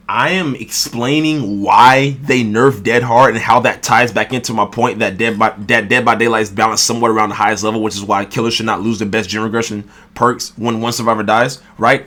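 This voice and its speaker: A man's voice: medium pitch, sharp tone. A gaming video creator, a man, ranting in a response commentary, irritated and swearing heavily.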